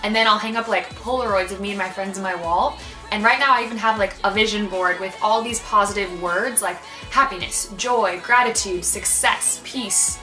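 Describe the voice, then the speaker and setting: A woman's voice: mid-range voice, moderate pace, echoey room, soft background music. A young woman giving encouraging, casual advice to the camera, with many "um"s and "like"s. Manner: warm, encouraging, with fillers like "um" and "like".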